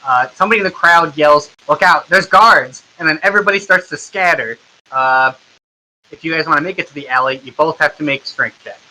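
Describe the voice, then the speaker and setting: Bright-voiced easygoing young game master. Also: male voice, on the high side, fast talker, rough recording. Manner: easygoing, many ums and likes. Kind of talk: narrating a tabletop game.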